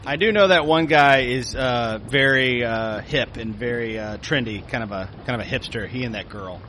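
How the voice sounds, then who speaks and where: Bright-voiced joking man. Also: medium pitch, normal speed, slight background noise, rough recording. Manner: joking, laughs often. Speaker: podcast co-host. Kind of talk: casual banter among friends.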